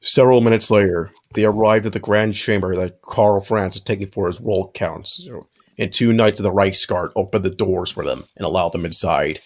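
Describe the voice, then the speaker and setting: A man's voice: low voice, moderate pace. A man narrating a fanfic aloud with friends, in a casual reading with occasional slips.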